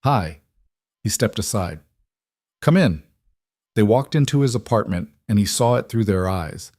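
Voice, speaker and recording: Low-voiced man narrating a story. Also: a little fast, darkish tone, no room sound, studio quality. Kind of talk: scripted narration.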